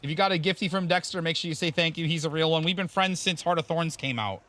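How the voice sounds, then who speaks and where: A man's voice: on the high side, quick pace, bright, forceful tone. A man streaming a game, rambling casually, explaining the game and thanking viewers by name with the odd curse. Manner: casual swearing. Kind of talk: casual live-stream chat.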